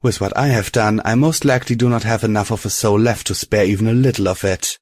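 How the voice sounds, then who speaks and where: A man reading the formal written note of a refined mare fashion designer in an audiobook, in a measured, formal way. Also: lowish voice, fairly even intonation, darkish tone, lightly acted. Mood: composed.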